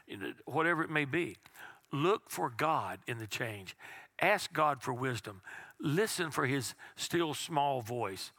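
A middle-aged man preaching a sermon as pastor, slowing right down for key phrases and dropping to a hush on the quiet lines. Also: on the high side, lively intonation, no room sound. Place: church sanctuary.

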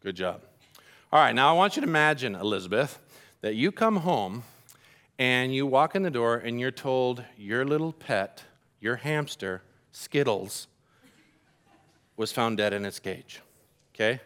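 A man preaching a sermon as a pastor, telling the story in an animated, joking way and talking directly to the congregation. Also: medium pitch, unhurried, pauses often.

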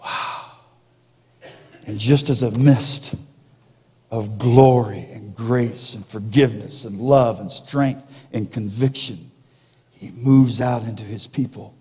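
A male pastor preaching a sermon, slowing down and dropping to a hush for emphasis, with jokey asides to the congregation. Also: on the low side, slightly rough. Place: church sanctuary. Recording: long reverb of a large hall.

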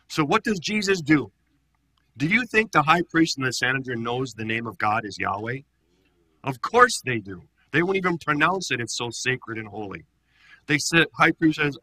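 A male pastor teaching a Bible study in an animated, conversational way, acting out the quotes he reads. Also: mid-range voice, moderate pace, creaky, husky, no room sound.

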